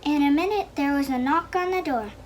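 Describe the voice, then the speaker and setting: A woman reads a children's story aloud in a high voice. She makes small slips now and then as she reads. There is faint noise behind her. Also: a little fast, rough recording.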